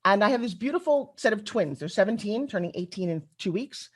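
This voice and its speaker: A woman's voice: medium pitch, brisk. A middle-aged woman telling stories in a chatty conference keynote and speaking straight to the audience. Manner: animated, chatty, addresses the audience directly.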